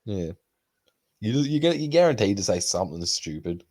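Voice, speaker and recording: A man's voice: on the low side, a little fast. A young man hosting a casual podcast, talking loosely and swearing often. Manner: swears a lot, animated retelling with put-on quotes. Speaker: podcast host. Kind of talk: casual chat.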